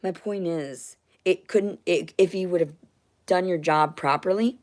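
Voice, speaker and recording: A woman ranting angrily on a livestream in a dim house, swearing and agitated, with sudden loud outbursts into a phone. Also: lowish voice, unhurried. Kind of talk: angry livestream rant.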